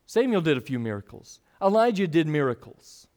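A man's voice: fairly high pitch, big pitch swings, a little fast, a little mellow. A man preaching a sermon, teaching earnestly with rising and falling emphasis.

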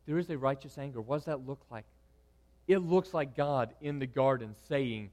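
A man preaching a sermon, moving between loud, emphatic lines and hushed, quiet ones. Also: mid-range voice, moderate pace. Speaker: pastor.

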